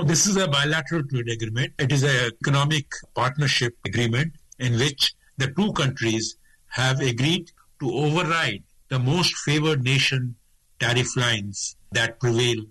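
A man, a trade expert answering questions in a radio interview in a measured, explanatory way. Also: medium pitch, sharp tone, rough recording. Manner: measured, explanatory, lists facts and figures.

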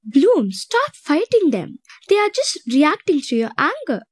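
A woman's voice: high-pitched, big pitch swings, unhurried, no echo, voice pushed up. A woman voicing a panicking young fairy girl. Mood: urgent. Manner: frantic, sobbing.

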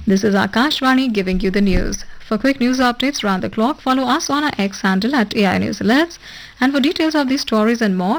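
A woman reading a formal radio news bulletin in a measured, even broadcast delivery. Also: fairly high pitch, poor audio. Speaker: newsreader. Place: radio studio.

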